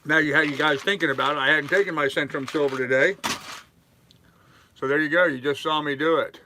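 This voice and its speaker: An older man live-streaming from his sailboat in a harbor, chatting casually with his chat in a relaxed, rambling way full of fillers. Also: a little high, a little fast, a little hiss or hum. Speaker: sailing vlogger reading live chat.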